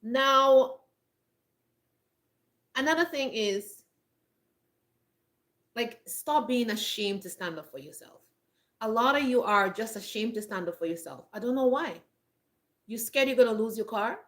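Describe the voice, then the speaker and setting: A homestead vlogger speaks a little slowly, pausing often, in a fairly high, expressive voice with a fairly bright tone. Facing the camera in the countryside, she gives blunt, emphatic advice, laughing a lot with a frog in her throat.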